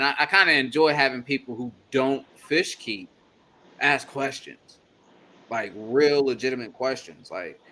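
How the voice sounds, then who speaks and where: A man hosting a casual livestream chat, animated and chatty, laughing often. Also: on the high side. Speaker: host.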